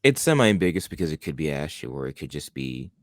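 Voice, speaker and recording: A very animated man with a rumbling low voice talks fairly quickly as a podcast co-host, captured in clean studio sound without echo. His casual, enthusiastic horror film chat rambles along with many restarts.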